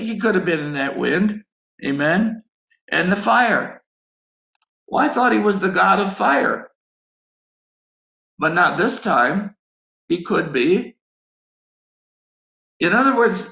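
A man with a high, creaky, pushed and bright voice preaches a sermon testimony, telling a personal story and acting out his own prayers. The recording sounds echoey, dull and lo-fi.

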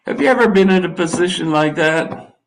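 Fairly quick and high-pitched, an older preacher reads scripture in a folksy, drawling manner and interrupts himself with wry asides to the congregation. The recording is rough.

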